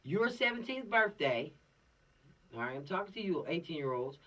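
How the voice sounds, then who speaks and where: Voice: mid-range voice, sing-song, moderate pace, sharp tone, distant mic. A law course instructor giving an informal, preachy lecture with streetwise slang.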